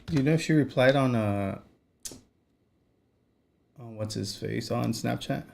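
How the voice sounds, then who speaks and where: Hosting a live stream, a man chats loosely with viewers, laughing off clips as he reacts and tossing chuckling asides to chat. His medium-pitched voice is unhurried and a little mellow with vocal fry, over a slight hiss or hum.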